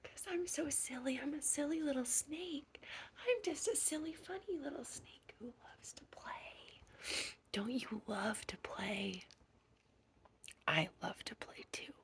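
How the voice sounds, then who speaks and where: A woman voicing a playful, affectionate childlike frog in whispered role-play, with soft gasps and a singsong lilt. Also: sits high, animated, slow, heavily acted. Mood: dreamy. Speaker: children's storyteller.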